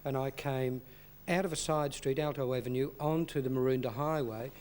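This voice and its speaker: An Australian man appearing as a guest on a talk show, telling relaxed stories. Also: mid-range voice, moderate pace. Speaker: chef and guest.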